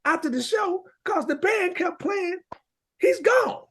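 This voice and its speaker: Animated storytelling man, lively pitch. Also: unhurried, a little hiss or hum. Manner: animated storyteller, acts out voices. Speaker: podcast co-host. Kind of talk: casual storytelling chat.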